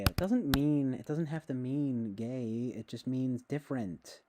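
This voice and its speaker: A man's voice: medium pitch, unhurried, a little mellow, slight background noise. Young male streamer, loose rambling delivery, profane and joking. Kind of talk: casual livestream chat with strangers.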